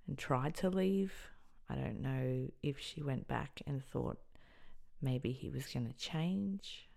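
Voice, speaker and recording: A young Australian woman hosting a podcast, earnestly recounting a personal story and often dropping into quiet, near-whispered lines. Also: extremely low pitch, slow, gravelly. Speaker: podcast host.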